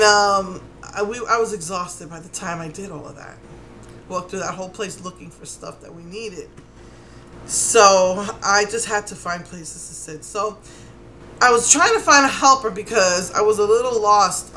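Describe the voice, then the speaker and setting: A middle-aged woman with a New York Puerto Rican accent, telling a story in a casual, animated way and acting out what people said. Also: medium pitch, a little hiss or hum. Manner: animated, exasperated, acts out quotes. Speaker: vlogger.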